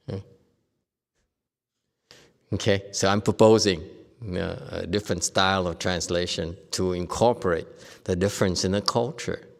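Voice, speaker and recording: A man teaching a Buddhist Dharma lecture, telling stories in a lively way and acting out the people he quotes. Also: deep voice, gravelly, big-room sound. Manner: lively storytelling, acts out quoted speakers, laughs often. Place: Buddhist meditation hall.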